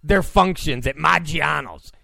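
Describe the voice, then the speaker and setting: A male talk show host delivering an incredulous, sarcastic rant, repeating himself and breaking into sudden shouts. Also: on the high side, a little slow, gravelly, no echo. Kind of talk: ranting commentary. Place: Los Angeles.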